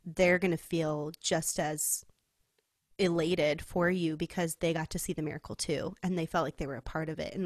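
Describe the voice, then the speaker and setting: A woman's voice: on the low side, dry recording, studio quality. Chatty young woman telling a story. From California. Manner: chatty storytelling, heavy use of "like", laughs often. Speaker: podcast co-host. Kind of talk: casual heartfelt chat.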